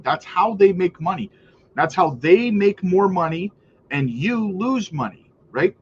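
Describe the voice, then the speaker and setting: A man's voice: fairly high pitch, lo-fi sound, slight background noise. A man hosting a casual livestream, chatty and upbeat, reading chat and often tagging his lines with "right?" and "guys". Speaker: crypto livestream host. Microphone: streaming setup mic.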